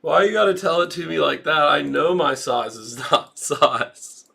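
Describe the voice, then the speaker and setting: A woman's voice: sits low, measured pace, creaky, fairly bright tone, slightly rough. A woman livestreaming about markets in casual chat, blunt and profane, laughing often. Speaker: finance livestreamer.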